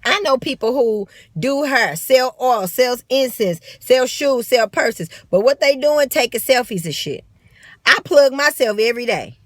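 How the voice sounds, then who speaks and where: A woman's voice: on the high side, fairly bright tone, no room sound. A woman with a St. Louis accent giving blunt, profane, emphatic motivational talk in a vlog, recorded on a phone. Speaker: vlogger.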